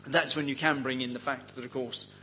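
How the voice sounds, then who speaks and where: A man's voice: medium pitch, fairly even intonation, a little fast, pushed and bright, slight background noise, low-quality recording. A man giving an informal teaching talk on cults, chatty and wry, with many ums and joking asides. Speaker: seminar speaker on cults.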